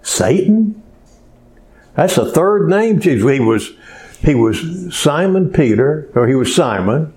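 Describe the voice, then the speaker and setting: A man's voice: on the high side, big pitch swings, unhurried, a little mellow. A male pastor preaching a folksy, conversational sermon full of rhetorical questions to his congregation.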